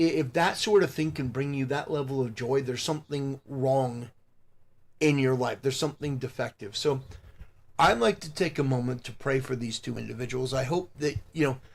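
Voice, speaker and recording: A male content creator lectures in a moralizing, preachy monologue. He stops and restarts often, filling the gaps with hesitant fillers. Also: mid-range voice. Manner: moralizing, halting with many fillers. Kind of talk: preachy live-stream monologue.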